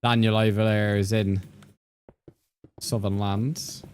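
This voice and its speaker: Young male streamer with a lower voice, loose and jokey, cursing freely as he chats with his audience. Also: little pitch movement, takes it slowly, darkish tone, smooth. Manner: joking, swearing, reacting to chat. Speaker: game streamer. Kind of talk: casual live-stream chat with viewers.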